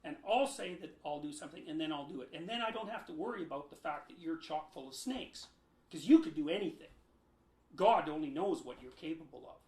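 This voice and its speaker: A man giving long explanatory interview answers in his home, emphatic and lecturing, with sharp swings between loud and quiet. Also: on the high side, expressive, brisk. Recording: roomy echo.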